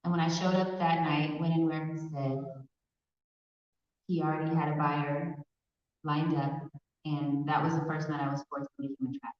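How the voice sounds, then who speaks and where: A woman from Pasadena, California, giving personal testimony as a survivor speaker in a large hall, telling her story earnestly with hesitant pauses. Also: sits low, flat delivery, a little mellow. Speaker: survivor speaker at an awareness event. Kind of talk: personal testimony in a public talk. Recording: echoey hall from far off, dull sound.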